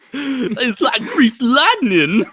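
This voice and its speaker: A man's voice: very high-pitched, big pitch swings, very slow, sharp tone, slightly rough, voice pushed up, exaggerated voice. A man putting on a giddy, gushing impression of a famous male actor, giggling between lines.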